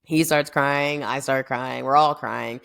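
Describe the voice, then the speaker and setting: Low, gravelly-voiced young American woman. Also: unhurried. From United States. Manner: chatty, animated, lots of fillers. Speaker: podcast host. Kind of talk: casual storytelling.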